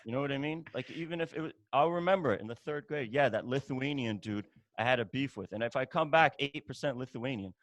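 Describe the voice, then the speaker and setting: A man's voice: medium pitch, fast, hardly any pauses, fairly bright tone, no room sound. A man from Iran, a guest on a podcast, bantering with jokes and mock indignation in casual chat.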